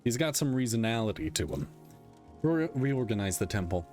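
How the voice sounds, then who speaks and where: A man's voice: medium pitch, big pitch swings, normal speed, darkish tone, soft background music. A man casually commenting on a game as he plays it, laughing, swearing and talking back to the screen. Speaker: gamer playing a game for the first time.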